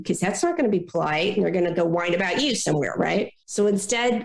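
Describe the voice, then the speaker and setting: A woman consultant giving advice in a podcast interview, talking in a lively way and acting out complainers in little quoted voices. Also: medium pitch, brisk, creaky, few pauses, roomy sound. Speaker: guest consultant on difficult people.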